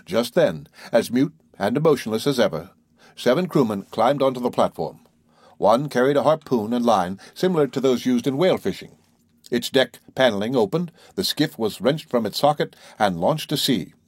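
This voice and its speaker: A man narrating an adventure audiobook in a steady, even reading voice. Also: mid-range voice, moderate pace, slightly rough, no room sound, clean studio sound.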